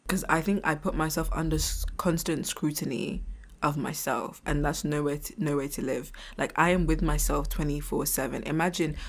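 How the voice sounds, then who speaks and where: A woman's voice: sits low, moderate pace, vocal fry. A woman in her twenties hosting a casual reflective solo podcast. She talks frankly and chattily, swears, and laughs often. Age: 20s. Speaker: podcast host.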